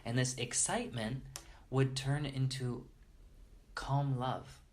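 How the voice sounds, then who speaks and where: A man being interviewed tells stories earnestly and with reverence, frequently restarting his sentences. His mid-range voice moves slowly with fairly even intonation.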